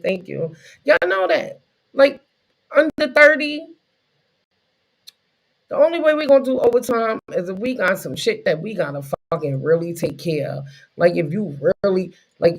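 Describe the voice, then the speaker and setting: A man streaming a casual, profane comedy rant, telling it loosely with quick asides. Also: sits high, vocal fry, rough recording.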